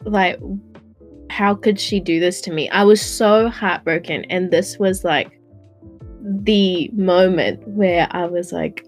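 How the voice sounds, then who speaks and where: A woman's voice: fairly low pitch, slow pace, soft background music. A young adult woman, earnestly telling a personal story in casual chat, with lots of "like". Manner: earnest storytelling, heavy use of "like".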